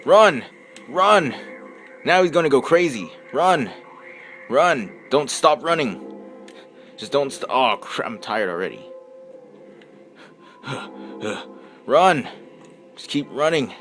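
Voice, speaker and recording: A man's voice: mid-range voice, lively intonation, slow pace, long pauses, a bit bright, soft background music. A young man commentating on a horror game he is playing, yelping at scares and muttering to himself in between. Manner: jumpy, yelps and screams at scares, mutters to himself. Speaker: gameplay commentator.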